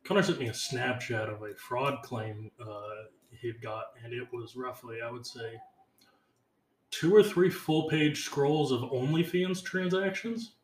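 A young man co-hosting a podcast, sounding tired and run-down, with a deadpan, mumbly, sarcastic delivery. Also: mid-range voice, unhurried. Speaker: podcast co-host. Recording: roomy with faint background noise.

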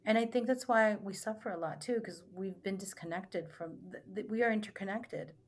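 Speaking at a normal speed in a mid-range voice, this young spiritual retreat guide shares stories on a relaxed podcast. She is earnest and rambling, packing her talk with fillers.

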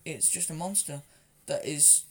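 A woman's voice: low voice, a little slow. A young woman co-hosting a casual chat. She is giggly and chatty, and she keeps dropping into silly voices as she talks.

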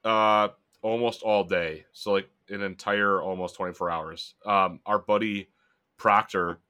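Man, very low voice with a bright edge, loose profane chatter. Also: steady tone, measured pace, smooth. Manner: profane, rambling storyteller. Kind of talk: casual chat.

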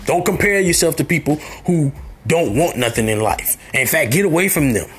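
A man delivers a motivational sermon in a somewhat high, husky voice. He repeats short phrases again and again and climbs toward shouting at the peaks. Faint music plays underneath. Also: lively intonation, normal speed. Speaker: motivational speaker.

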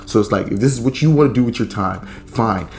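A man's voice: medium pitch, quick pace, darkish tone, slight background noise. A young man hosting a podcast, telling a story in a laid-back, profane, rambling way. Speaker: podcast host. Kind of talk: casual storytelling.

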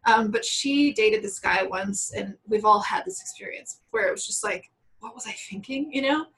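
Breathy woman chatting and laughing. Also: medium pitch, moderate pace, rough recording. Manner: chatty, laughs often, quotes people in animated voices. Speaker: podcast co-host. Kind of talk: casual chat.

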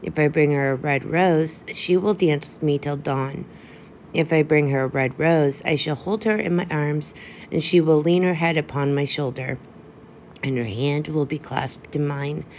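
A woman's voice: sits low, unhurried, darkish tone. A woman voicing a lovesick young male student in a storybook, lamenting in a mournful, self-pitying way. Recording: dull lo-fi with faint hiss.

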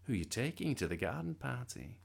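A man's voice: medium pitch, very animated, fairly quick, vocal fry, pitched above the performer's own voice, exaggerated voice. A man voicing a flustered mother who fusses and tries to please, reading a children's story aloud. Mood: fawning. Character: fussing mother, fretful and eager to please.

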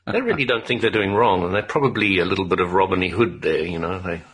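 A man's voice: low voice, expressive, normal speed, fairly bright tone, slightly rough. A man chatting casually as co-host in a joking, playful manner. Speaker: podcast co-host. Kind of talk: casual chat.

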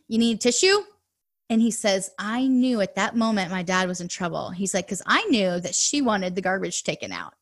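A woman in her thirties, a money coach, chatting as a guest on a podcast interview and telling stories with quick asides. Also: mid-range voice, fairly bright tone.

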